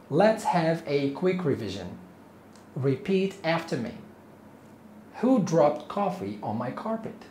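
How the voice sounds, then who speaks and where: Slow, patient male English teacher. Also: a little high, big pitch swings, darkish tone. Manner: slow, patient, repeats each phrase. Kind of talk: slow repeat-after-me English lesson. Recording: echoey room with faint noise.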